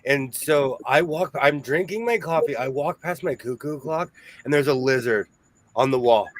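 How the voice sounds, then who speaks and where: A man's voice: medium pitch, expressive, moderate pace, rough recording. A man hosting a casual sewing chat, telling stories and laughing often. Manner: chatty storyteller who laughs often.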